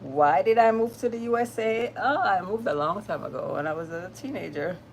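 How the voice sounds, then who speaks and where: A woman's voice: medium pitch, expressive, a little fast, creaky, slight background noise. A woman with a Jamaican accent hosting a casual livestream, greeting viewers by name in a chatty, upbeat way. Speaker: livestream host.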